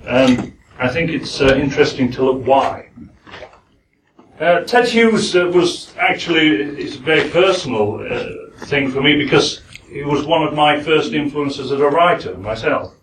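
A man with a Yorkshire accent giving a lecture-style speech at a forum. He talks haltingly, with many "uh"s and self-deprecating asides. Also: medium pitch, slight background noise. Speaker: guest speaker at a forum. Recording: echoey hall, speaker far from the mic.

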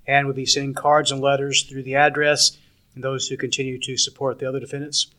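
Brisk, fast-talking podcast host. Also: male voice, medium pitch, monotone, sharp tone. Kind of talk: podcast interview.

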